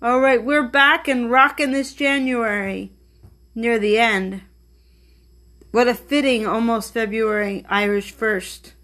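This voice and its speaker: A woman hosts a children's podcast and says goodbye to her listeners. Her voice is high and sing-song, and she stretches out her words with excitement. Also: takes it slowly. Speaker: podcast host. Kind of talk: bubbly sign-off to listeners.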